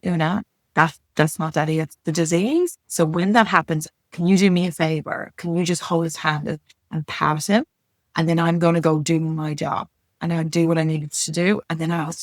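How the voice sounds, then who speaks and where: A middle-aged woman telling her story as a podcast guest, frank and earnest, with blunt language and quick restarts. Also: sits low, no echo, studio quality. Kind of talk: candid conversational storytelling.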